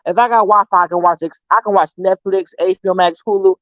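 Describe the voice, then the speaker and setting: A woman vlogger casually telling family stories to her viewers, animated and swearing freely. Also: medium pitch, fast, dry recording, dull audio.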